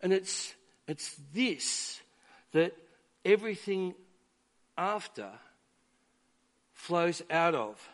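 A man preaching a sermon to a church, measured and emphatic, with deliberate pauses. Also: high voice, expressive. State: dry throat.

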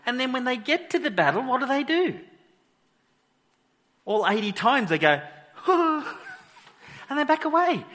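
A pastor preaching a sermon, telling the story with animated energy and acting out the characters. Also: male voice, extremely high pitch, in a large hall. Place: church hall.

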